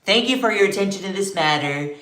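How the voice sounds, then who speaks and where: A woman doing an impression of a pompous male politician, drawn-out and emphatic, gesturing as she reads. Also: mid-range voice, animated, fairly bright tone, echoey room, pitched above the performer's own voice, close to an everyday voice, poor audio. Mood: boastful. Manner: grandiose, emphatic, drawn-out phrasing, gesturing with hands. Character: pompous male politician reading his own boast.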